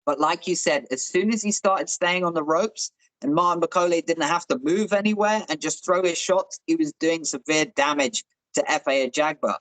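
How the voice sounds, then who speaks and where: A man co-hosting a podcast, giving calm, measured analysis of a boxing match in a casual chat. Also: on the high side, no echo, poor audio. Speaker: podcast co-host.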